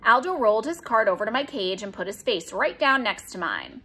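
A woman narrating a children's storybook aloud with an expressive, animated reading. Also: mid-range voice, a little fast, breathy edge. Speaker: audiobook reader.

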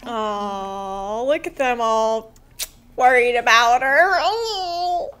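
A woman hosting a drama reaction video, excitable and emotional, laughing and gasping often. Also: a little high, extremely slow, smooth. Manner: emotional, near tears. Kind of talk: casual drama reaction commentary.

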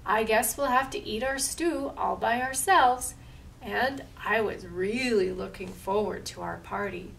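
A woman's voice: on the high side, unhurried, creaky, a bit bright, recorded from a distance, a little hiss or hum. A woman doing an eager little witch. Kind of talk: picture-book read-aloud.

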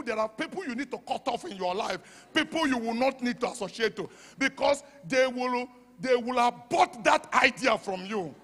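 A man preaching a sermon in Nigerian English. He talks with fervour, shouts at the high points and drops to a hush for quoted asides. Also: husky. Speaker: pastor. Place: church hall. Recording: long hall reverb.

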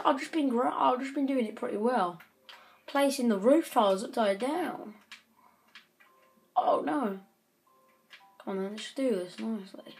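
A woman's voice: on the high side, creaky. A woman giving chatty gameplay commentary, breaking into frequent frustrated outbursts. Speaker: gaming channel host.

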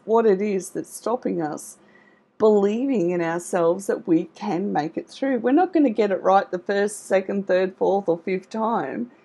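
Husky-voiced woman, encouraging coach. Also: mid-range voice. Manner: warm, encouraging, reassuring, with frequent "okay?" and "all right?". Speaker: trauma recovery coach. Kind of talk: live online coaching talk.

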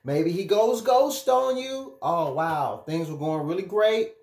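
A man speaking as a relationship and life coach, giving direct-to-camera advice in an animated, emphatic way, often checking in with his listeners. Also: high-pitched, takes it slowly. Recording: echoey room.

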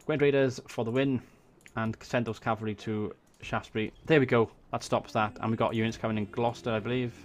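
A man's voice: medium pitch, steady tone, fast talker, few pauses, a little hiss or hum. A Welsh man casually thinking aloud as he commentates a strategy game, swearing when surprised. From Wales. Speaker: gaming YouTuber. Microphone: desk USB microphone.

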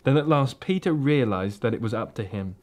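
A man reading a children's storybook aloud, in a gentle, steady and expressive way. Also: medium pitch, a little fast. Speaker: reader.

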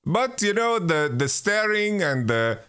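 This man's voice sits high, with big pitch swings and a slightly slow pace; it sounds pushed and bright, clear and resonant. Hosting his own podcast, he tells a rambling, profane travel story full of restarts and "you know."

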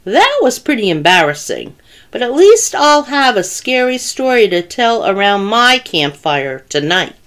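A woman's voice: on the high side, big pitch swings, a little slow, a bit bright, voice pushed up. A woman voicing an embarrassed male bear who mutters sheepishly to himself after running away from a camp. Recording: roomy echo.

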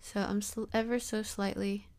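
Young woman, vocal fry, mid-pitched, rambling tutorial chat, lots of ums and likes. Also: level tone, normal speed, darkish tone. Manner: rambling and chatty, full of fillers; self-deprecating. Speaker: tutorial host. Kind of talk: casual screen-recorded software tutorial.

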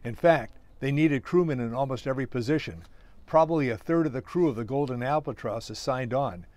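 A man's voice: mid-range voice, a little fast, darkish tone, no room sound, natural voice. Male ship's cook as a man plays him, matter-of-fact schemer, everyday voice, dry close sound.

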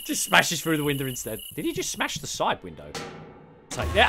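Excitable man doing game commentary. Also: fairly high pitch, normal speed, faint music behind. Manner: excitable, swings from mutters to shouts and laughter. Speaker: gaming YouTuber. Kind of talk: let's play commentary.

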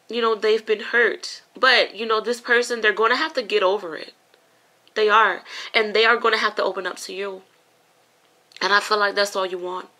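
A woman's voice: mid-range voice, pushed and bright. A woman giving a casual, emotional tarot reading to her viewers, chatty and informal, calling them honey and you guys. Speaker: tarot reader.

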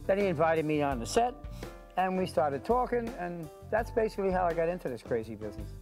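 A man's voice: high-pitched, sing-song, fairly quick, darkish tone, low-quality recording. Blunt, rambling older-sounding man, music behind. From New York. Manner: blunt, profane, rambling with "you know". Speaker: documentary subject. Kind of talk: candid interview storytelling. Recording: music under interview. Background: background music.

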